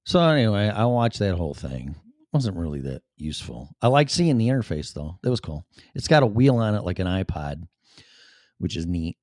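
A man's voice: low-pitched, sing-song, moderate pace, darkish tone, dry recording, studio quality. A man with a Chicago accent hosting his show in a rambling, profane, offhand monologue. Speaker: show host. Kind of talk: casual livestream monologue.

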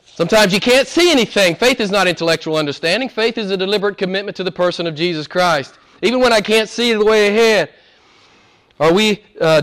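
Man, pastor, sermon, high voice, repeats phrases, loud declarations then hushed near-whispers.

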